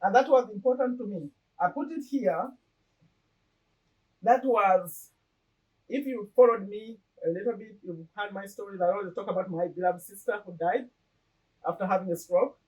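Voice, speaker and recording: A woman's voice: mid-range voice, moderate pace, darkish tone, distant mic, rough recording. A middle-aged woman talking casually to the camera in an earnest way, often repeating and restarting her phrases. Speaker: vlogger. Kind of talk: casual personal talk to camera.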